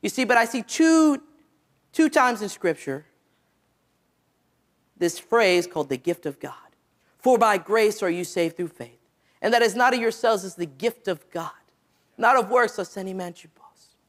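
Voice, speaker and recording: A man with a squeaky voice preaching an evangelistic sermon, stretching out key phrases and letting them drop low at the ends. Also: animated, measured pace, long pauses, fairly bright tone.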